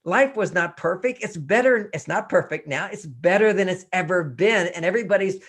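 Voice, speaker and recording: A man's voice: high-pitched, animated, moderate pace, hardly any pauses, fairly bright tone. A man in his sixties from Texas, speaking as a guest author in an interview, emphatic and acting out quoted voices. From Texas, USA. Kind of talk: interview talk.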